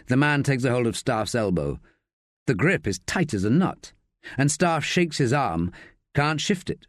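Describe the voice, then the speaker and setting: A male audiobook narrator tells a crime story in measured, scripted style. His pitch moves expressively while his pace stays slow and deliberate. The recording is dry and close on a studio mic. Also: very animated, no room sound.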